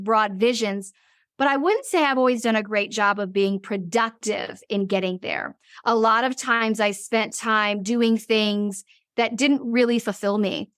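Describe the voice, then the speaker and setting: A woman in her forties, a business owner and interview guest, telling stories in a vivid, animated way. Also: on the high side, dry recording, studio quality. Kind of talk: casual interview storytelling.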